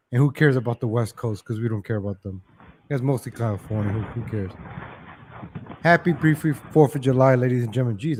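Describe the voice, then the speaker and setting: Guy rambling on his home livestream, mid-pitch voice, chatty and off the cuff, keeps going ladies and gentlemen. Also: slight background noise. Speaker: livestream show host. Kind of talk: rambling live-stream monologue.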